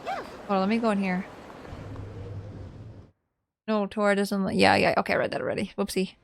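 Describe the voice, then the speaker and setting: A woman's voice: mid-range voice, little pitch movement, a little fast, gravelly, slight background noise. A woman streaming a video game, chatting casually and animatedly as she plays, often breaking into laughter. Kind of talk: casual gameplay commentary.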